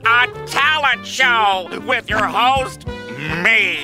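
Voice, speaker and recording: A man's voice: extremely high pitch, animated, very slow, heavily acted. A man voicing a vain, self-important male cartoon squid in a theatrical, grandiose way, heard as a clip played back with music. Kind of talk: cartoon voice acting.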